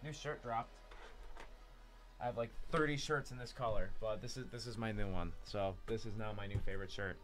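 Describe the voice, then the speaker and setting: A man's voice: on the low side, steady tone, fairly quick, faint music behind. A young man hosting a live card break, chatty and self-deprecating with jokey asides.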